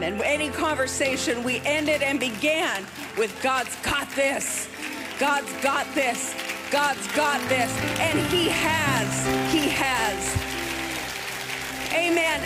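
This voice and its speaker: Fervent older woman preaching over music. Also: on the high side. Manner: emphatic, fervent, repeats rallying phrases. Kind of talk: sermon.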